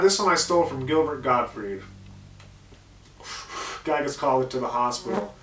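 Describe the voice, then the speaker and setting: A man's voice: mid-range voice, lively intonation, moderate pace, long pauses, fairly bright tone, echoey room, recorded from a distance, slight background noise. A man hosting a comedy show, telling crude jokes in a casual, swearing monologue. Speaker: host.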